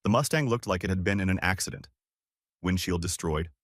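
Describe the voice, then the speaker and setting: A man's voice: sits low, a little fast, no echo, studio quality. A man narrating a dramatic first-person family story in short, terse lines.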